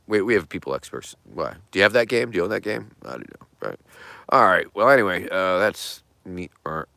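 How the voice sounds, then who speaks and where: A middle-aged man with a low, deep voice hosts a casual livestream. He meanders from thought to thought, swears freely and lets his phrases drop away to near-mutters. The sound is dry and close to the mic. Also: very animated, brisk, vocal fry, dry recording. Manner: profane, meandering, trailing off softly. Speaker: livestream host. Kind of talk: rambling casual livestream chat.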